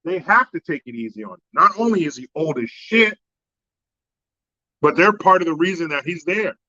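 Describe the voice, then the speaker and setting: A man's voice: on the high side, lively intonation, normal speed, bright, forceful tone, no room sound. A man hosting a profane, sarcastic political commentary monologue. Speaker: host. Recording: dry, slightly dull lo-fi sound.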